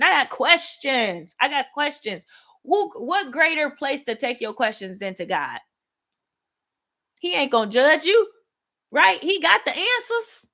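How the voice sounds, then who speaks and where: A woman hosting a casual live Bible study, lively and laughing as she talks straight to her viewers. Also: sits high. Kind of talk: casual livestream Bible teaching. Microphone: webcam or desk mic on a live stream.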